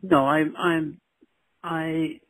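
Older guy musician in an interview, stop-start hesitant talk, slightly high voice, dead dry sound. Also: level tone, very slow, fairly bright tone, no room sound, rough recording. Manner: hesitant, trails off in repeated starts. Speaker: musician guest. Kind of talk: interview clip.

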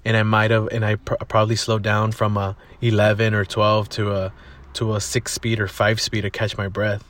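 A man's voice: lowish voice, completely flat delivery, moderate pace, fairly bright tone. A young man hosting a casual solo podcast, rambling and swearing freely as he tells a story, recorded in a parked car. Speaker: podcast host.

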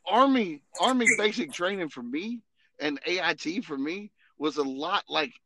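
A man's voice: a little high, lively intonation, normal speed, background noise. A man, a podcast host and Army veteran, telling rambling, profane stories in a casual chat full of fillers.

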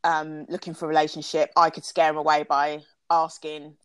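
A chatty woman hosting a podcast who keeps checking that her listener follows her. Her voice is lowish, and the recording is close and dry, with no room sound. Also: monotone, normal speed, clear, resonant tone, no echo. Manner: chatty, keeps asking "do you know what I mean". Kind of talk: casual chat.

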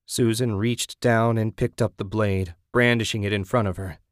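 A man narrating a violent horror story in a steady, measured audiobook reading. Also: fairly low pitch, dry recording, clean studio sound.

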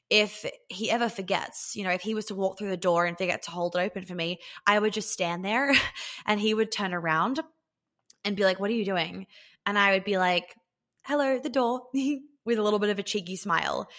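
A woman talks straight to her listeners like a coach, candid and unfiltered, swearing now and then. Her voice sits at an ordinary middle pitch, and she slips into quick acted-out bits of conversation to make her point. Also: bright, forceful tone. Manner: candid, swears casually, acts out little scenes. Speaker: podcast host, dating coach. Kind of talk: casual coaching monologue.

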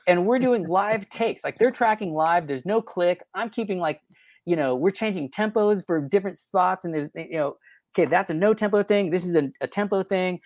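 A man's voice: high-pitched, normal speed, no echo. A man, a guest on a podcast, telling studio stories in a loose, rambling way, full of fillers. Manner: rambling, full of "you know" fillers, laughs at himself. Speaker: guest, record producer and engineer. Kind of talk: casual storytelling in a podcast interview.

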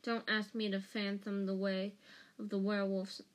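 A woman's voice: mid-range voice, flat delivery, lightly acted. A woman doing a silky, spiteful male professor. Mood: menacing. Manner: slow, soft, silky menace.

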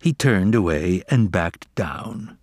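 Slow, expressive male storyteller. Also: sits low, dry recording, studio quality. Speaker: audiobook reader. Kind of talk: scripted narration.

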